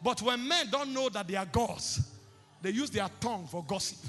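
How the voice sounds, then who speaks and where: A man preaching a fervent sermon, often shouting and repeating phrases for emphasis. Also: high-pitched, lively intonation, moderate pace. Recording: long hall reverb with faint music behind.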